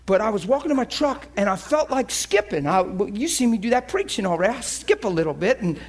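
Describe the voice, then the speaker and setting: A man preaching a sermon, telling a story with animated energy that swings from hushed to shouting. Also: high voice, fairly quick. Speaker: pastor.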